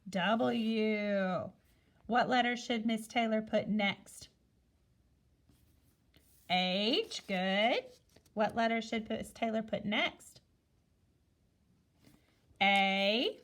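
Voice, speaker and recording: In a video lesson on guided reading for young children, a woman's fairly high, fairly bright voice asks questions and adds "okay?" after every point. Her teacher talk is slow and sing-song, full of those "okay?" checks.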